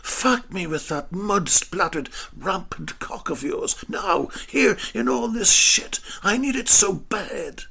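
A man voicing a playful, bold young woman who giggles and shrieks, with a breathy, raspy voice. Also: high-pitched, expressive, takes it slowly, hardly any pauses, sharp tone, pitched above the performer's own voice, heavily acted. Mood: urgent.

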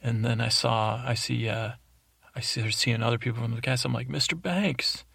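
A man telling a rambling comedic story as host, deadpan and halting, full of fillers and restarts, into a studio microphone. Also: medium pitch, vocal fry, dry recording. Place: isolated recording space.

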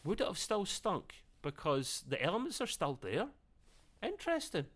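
A man, co-hosting a casual podcast review, chatty and quick to laugh. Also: high-pitched, wildly swooping pitch, a bit bright. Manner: chatty, laughs often, acts out quotes. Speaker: podcast co-host.

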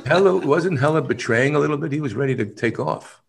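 A man, an actor, telling stories in a casual interview, animated, often laughing and acting out other people's lines. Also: a little high, fairly quick, gravelly, soft background music.

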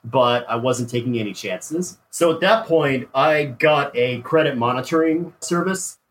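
A man calmly recounting his personal experience in an interview. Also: medium pitch, measured pace, slight background noise, poor audio.

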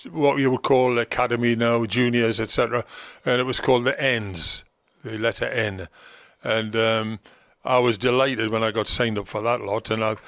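In studio-quality, dry audio, an older Englishman from Gateshead, North East England, tells stories as an interview guest. Once a football manager, he reminisces in a chatty, teasing way, mimicking others' voices when quoting them, his mid-range voice a bit bright.

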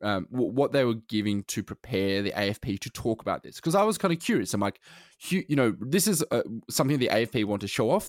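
Rambling man, lively pitch. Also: fast, no echo, studio quality. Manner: rambling with many fillers and restarts. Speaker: podcast co-host. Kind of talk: casual chat.

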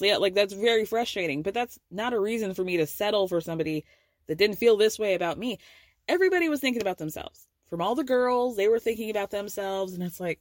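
A woman hosting a casual pop culture recap podcast, sassy and animated, swearing freely and laughing often. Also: on the high side, a little fast, no echo, studio quality. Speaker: podcast host.

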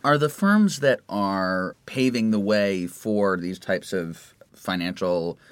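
A man, a journalist, speaking quickly and asking probing questions. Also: low voice, animated, clear, resonant tone, dry recording. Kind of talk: casual discussion.

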